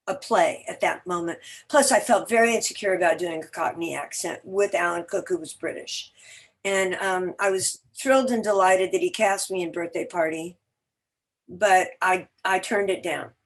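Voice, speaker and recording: Chatty woman telling stories. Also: on the low side. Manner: chatty, animated storyteller. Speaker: guest actor. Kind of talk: casual interview chat.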